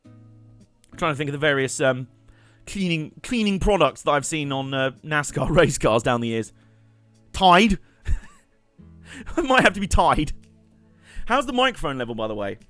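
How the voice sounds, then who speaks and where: A man's voice: a little high, lively intonation, normal speed, pushed and bright, faint music behind. A young man, chatting and joking while commentating his live gameplay stream. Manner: chatty, joking, rambling asides with laughs.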